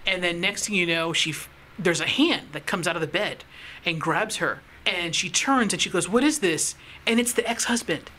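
Bright-voiced woman telling a story. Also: lowish voice, normal speed. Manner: storytelling, animated retelling. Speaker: podcast co-host. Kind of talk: casual chat.

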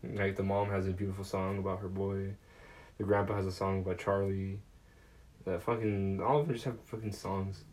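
Casual male host, low voice, rambling and profane. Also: flat delivery, normal speed, a little mellow, poor audio. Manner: rambling, swears often, lots of fillers and laughs. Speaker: podcast host. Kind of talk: casual movie recap.

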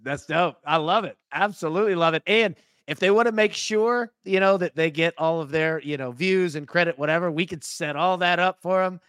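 Male sports-betting co-host; a bit high-pitched, easygoing chatter on a dry studio mic. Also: fairly quick, hardly any pauses, fairly bright tone, no room sound. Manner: laid-back, conversational, pitchman. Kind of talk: casual sports betting chat.

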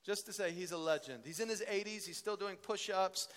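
A young man teaching at a ministry school, telling stories in an animated preaching style. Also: sits high, brisk. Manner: animated storytelling, voice rising and falling with emotion. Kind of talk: sermon. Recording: long hall reverb.

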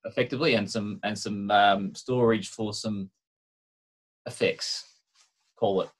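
A man's voice: lowish voice, steady tone, unhurried, slightly rough. A man with an Australian accent, co-hosting a tech podcast in a rambling, joking, conversational way. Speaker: podcast co-host. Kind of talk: casual chat.

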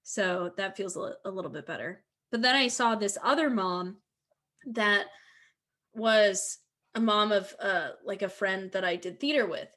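A woman's voice: medium pitch, a little slow, pushed and bright. A woman in her twenties from the Philadelphia area, co-hosting a podcast and telling rambling anecdotes full of quoted dialogue. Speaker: podcast co-host. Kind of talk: casual chat.

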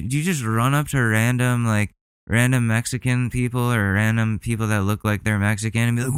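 A man's voice: lowish voice, brisk, clear, resonant tone, dry recording. A man hosting a casual reaction commentary, talking in an indignant, profane, rambling way. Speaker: commentary host.

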